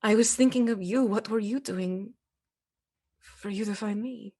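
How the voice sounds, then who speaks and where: A woman voicing a trapped, longing spectral young woman in tabletop role-play, soft and wistful. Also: mid-range voice, a little slow.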